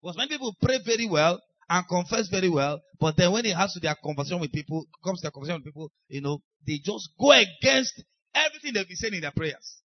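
A man's voice: high voice, expressive, fast talker, lo-fi sound. A man with a Nigerian accent preaching a sermon as pastor, emphatic and acting out the voices of people he quotes. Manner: emphatic, acts out quoted speakers.

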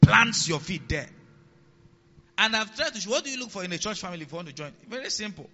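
A male pastor preaching a sermon, often asking the congregation if they follow and repeating key lines, swinging between loud emphasis and quiet asides. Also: high voice, lively intonation, fast talker. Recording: long hall reverb, dull lo-fi sound.

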